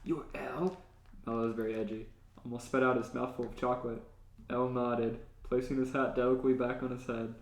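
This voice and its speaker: A man reading fanfiction aloud on a comedy podcast at an everyday pitch. The sound is roomy, with a clear echo. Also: completely flat delivery, fast talker. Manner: reads aloud, often laughing. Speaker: podcast co-host.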